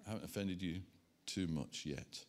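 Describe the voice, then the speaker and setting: A man preaching a sermon, animated and self-mocking, chatting with the congregation as he works through a demonstration. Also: low-pitched, normal speed. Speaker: pastor. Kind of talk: sermon with props. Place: church hall.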